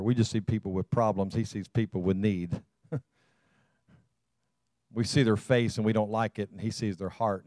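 A man's voice: fairly low pitch, warm tone, dry recording. A man, preaching a sermon as pastor. He speaks emphatically, calls out to the congregation and repeats words as he builds his points.

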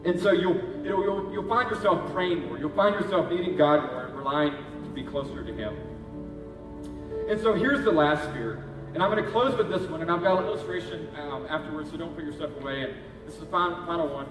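A man's voice: on the high side, animated, a little fast, music in the background. A man preaching a sermon as pastor, urging and conversational in his manner. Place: church hall. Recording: echoey hall, heard from a distance.

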